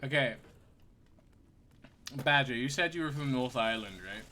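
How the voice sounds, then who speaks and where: A man's voice: medium pitch, unhurried, pushed and bright, a little hiss or hum. A man streaming a game, chatting casually, joking, swearing and laughing often. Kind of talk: casual gaming commentary.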